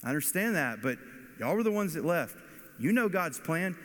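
A man's voice: fairly high pitch, very animated, moderate pace, fairly bright tone. A man voicing a judgmental villager who scolds and points the finger, heard in a reverberant hall. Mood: scolding.

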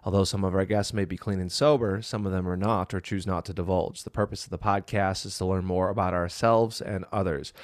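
A man's voice: deep voice, fairly even intonation, fairly quick, hardly any pauses, no echo. A man co-hosting a podcast, dry and teasing, swearing casually between scripted intros. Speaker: podcast co-host.

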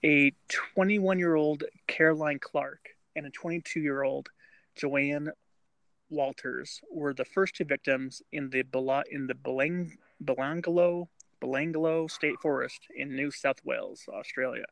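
Male podcast co-host, a bit high-pitched, halting delivery, close dry mic. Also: vocal fry, a bit bright, dry recording. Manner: halting, many restarts and fillers. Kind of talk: casual true-crime chat.

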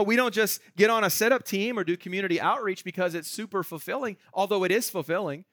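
High, bright-voiced pastor preaching. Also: male voice, no room sound. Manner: conversational, asks the room "right?". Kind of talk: sermon.

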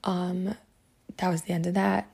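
Creaky-voiced woman telling a story. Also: fairly low pitch, little pitch movement, measured pace, a little mellow. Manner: chatty, filler-heavy, lots of "like" and "um". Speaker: podcast host teaching Psalms. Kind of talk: casual storytelling lesson.

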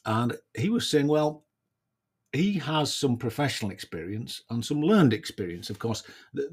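Husky man musing aloud. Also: mid-range voice, darkish tone. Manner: reflective, rhetorical tag questions. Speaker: podcast host. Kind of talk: casual solo podcast monologue.

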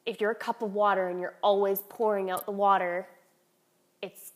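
A woman in her thirties talks in a loose, candid way, as if sharing with friends on a podcast. She tells everyday stories with many fillers and restarts, and her voice sits in a middle pitch. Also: little pitch movement, moderate pace. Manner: candid, storytelling, with frequent fillers. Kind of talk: casual chat.

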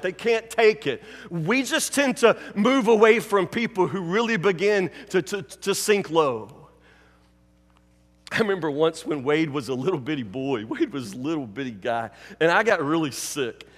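High-voiced preaching man, hall reverb. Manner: emphatic preaching, repeating key phrases, swinging from loud to hushed. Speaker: pastor. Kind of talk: sermon.

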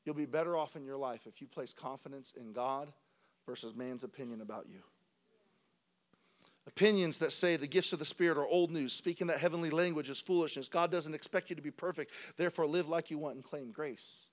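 A male pastor preaching a sermon, moving from quiet, rapid lists of short phrases to loud, sing-song preaching. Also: on the high side.

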